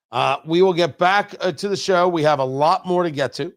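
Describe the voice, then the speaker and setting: A man's voice: high-pitched, expressive, moderate pace, hardly any pauses. A male radio talk show host giving opinionated political commentary from the studio, full of sarcastic, riffing asides.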